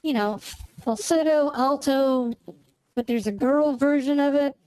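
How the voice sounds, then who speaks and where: A woman's voice: high voice, unhurried, warm tone, no echo, low-quality recording. A woman streamer chatting casually while she plays, rambling and searching for words as she goes. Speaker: gaming streamer. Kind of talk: casual chat while playing a game.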